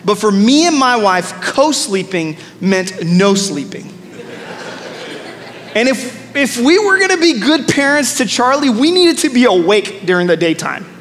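A man's voice: very high voice, unhurried, long reverb tail. A man preaching a sermon as a pastor, telling stories with asides to the congregation. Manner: storytelling, animated with asides to the congregation.

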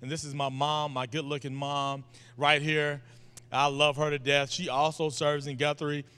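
Guy in his 30s preaching at church, bright smooth voice, long hall echo. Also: a little high, moderate pace. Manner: folksy, joking, animated storytelling. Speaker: guest preacher. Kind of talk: informal sermon introduction. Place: church sanctuary.

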